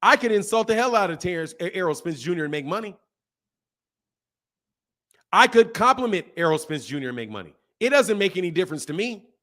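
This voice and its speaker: A man's voice: high voice, sing-song, a little fast, fairly bright tone. A man hosting a live boxing talk stream, talking casually and animatedly to his chat, repeating points and laughing. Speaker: boxing commentary host.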